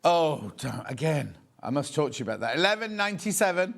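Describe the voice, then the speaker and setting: A man's voice: on the high side, very animated, brisk, creaky. A man in his sixties presenting a live shopping show, chatting and bantering with viewers while he shows products. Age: 60s.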